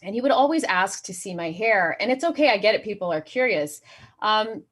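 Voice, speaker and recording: A woman's voice: medium pitch, animated, fairly quick, a bit bright. A woman performing a stand-up comedy set online, delivering dry punchlines and often chuckling at her own jokes. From Saudi Arabia.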